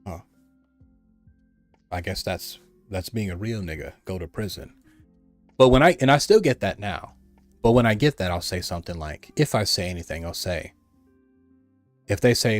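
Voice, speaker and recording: A man from the United States talks in a forceful, repetitive monologue and hammers his points home. His voice sits on the low side. The recording is dry and close, with faint music underneath. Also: moderate pace, long pauses, dry recording. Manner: emphatic and repetitive, mimics others in a raised voice. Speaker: commentator. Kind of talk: personal opinion monologue.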